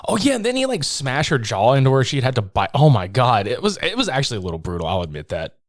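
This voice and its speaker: A man chatting on a podcast about a film, swinging his pitch widely as he tells the story. He swears freely and laughs often, and he slips into little voices for quoted lines. The sound is dry and close. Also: huge pitch swings, fast talker, no echo. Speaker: podcast co-host. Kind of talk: casual movie review chat.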